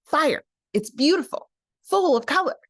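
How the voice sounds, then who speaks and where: A storyteller voicing an old male raven who calls out his news in a high, loud, excited voice. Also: unhurried, no room sound, clean studio sound, exaggerated voice.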